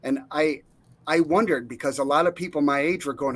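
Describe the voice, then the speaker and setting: A middle-aged man recounting his life in a relaxed interview, acting out the voices of the people he quotes, with frequent fillers and restarts. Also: a little high, brisk. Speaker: interview guest, Navy veteran. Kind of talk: casual storytelling.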